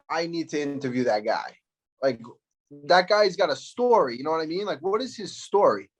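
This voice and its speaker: A man's voice: a little high, low-quality recording. Rambling man. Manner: rambling, loose, full of fillers and restarts. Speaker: fighter, interview guest. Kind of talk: casual interview over video call. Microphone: phone with earphones.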